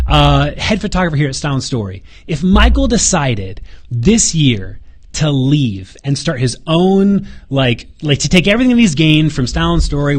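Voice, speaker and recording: Guy hosting a live q&a, earnest and fired up, stumbles on repeats, swears casually, medium pitch. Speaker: host answering viewer questions.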